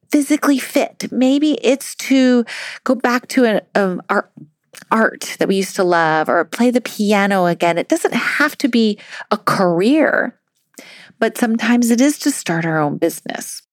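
A woman's voice: a little high, normal speed, no echo, clean studio sound. A woman life coach giving upbeat, chatty advice on a solo podcast, laughing often as she talks.

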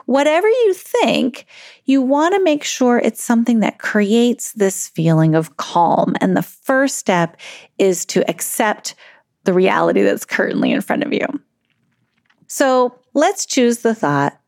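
Higher-voiced woman coaching parents. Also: very animated, a little slow, darkish tone, dry recording, clean studio sound. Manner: conversational, often laughs, acts out a parent's inner thoughts. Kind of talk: solo podcast monologue.

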